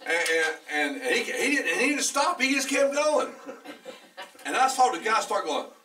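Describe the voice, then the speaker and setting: A pastor telling a story in a sermon, animated and often laughing as the congregation chimes in. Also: male voice, high voice, normal speed. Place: church hall. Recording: distant church recording.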